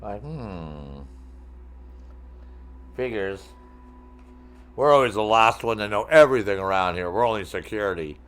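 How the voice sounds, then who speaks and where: A man's voice: on the low side, lively intonation, a little slow, long pauses, fairly bright tone. A middle-aged man streaming a game, rambling and joking with his chat in a casual, profane way.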